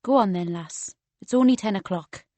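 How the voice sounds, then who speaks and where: A woman's voice: medium pitch, moderate pace, a little mellow, dry recording, lightly acted. A woman voicing a burly, bald male nightclub bouncer with a Geordie accent, blunt but kind, in an audiobook reading. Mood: firm, relenting. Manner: blunt, friendly, calls her love and lass.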